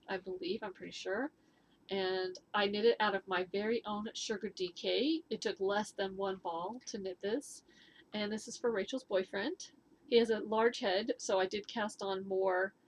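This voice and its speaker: A woman's voice: medium pitch, a little hiss or hum. A woman hosting a knitting vlog from home, chatting casually and rambling with fillers and restarts. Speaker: knitting and fitness vlog host. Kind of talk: casual chatty show-and-tell. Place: at home indoors.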